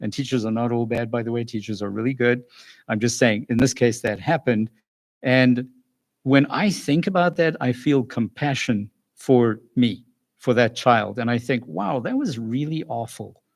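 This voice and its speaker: A man giving a calm, earnest talk to parents as a school psychologist, pausing and restarting now and then. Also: medium pitch. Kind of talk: recorded lecture for parents.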